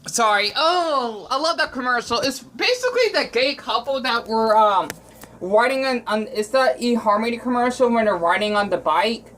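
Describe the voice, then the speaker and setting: A man from Arizona talking in a casual cooking vlog, rambling and emotional, with frequent restarts and halting phrases. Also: very high voice, expressive, bright, forceful tone, slight background noise, rough recording. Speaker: vlogger.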